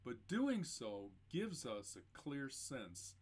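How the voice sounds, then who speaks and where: A man gives a poetry lesson at a very slow, careful pace. His voice rises and falls in lively swings. He lingers over his points as he explains the rhythm of a verse. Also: medium pitch, husky. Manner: slow, deliberate, heavily stressed syllables. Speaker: teacher. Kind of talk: poetry lesson, reading aloud.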